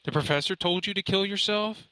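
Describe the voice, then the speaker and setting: A man voicing a worried, supportive mother who speaks softly and calmly in an audiobook. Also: high-pitched, fairly quick, no echo, pitched above the performer's own voice. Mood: concerned. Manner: soft, calming, supportive. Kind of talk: audiobook character voice.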